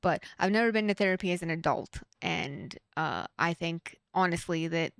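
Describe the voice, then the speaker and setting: A young woman hosting a true crime reaction video, reading text messages aloud in a flat run and breaking off for blunt, profane asides. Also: lowish voice, normal speed, gravelly, clean tone, dry recording, clean studio sound. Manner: reads texts flatly, blunt asides with swearing. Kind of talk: casual reading and commentary.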